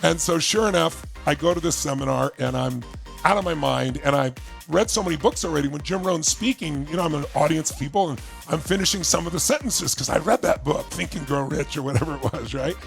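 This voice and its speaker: A man telling a story from his own life to an audience, animated, acting out the voices of the people in it. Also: a little high, fairly quick, creaky, soft background music. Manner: animated, acts out quoted voices. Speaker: motivational speaker. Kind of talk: storytelling talk.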